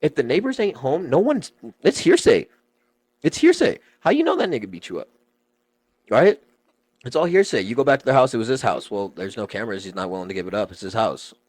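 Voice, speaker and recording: A young man, a podcast guest, telling stories in animated, slangy casual chat and swearing freely. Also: medium pitch, fairly quick, dry recording.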